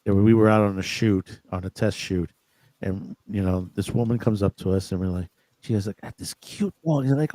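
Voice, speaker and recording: Low-voiced man chatting, dry sound. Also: mellow, no room sound. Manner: halting, with fillers and restarts. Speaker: podcast co-host. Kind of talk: casual chat.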